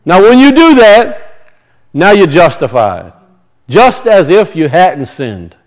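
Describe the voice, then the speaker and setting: A man's voice: sits high, big pitch swings, slow pace, rough recording. A man preaching a sermon, teaching from scripture and emphatically asking and answering his own questions.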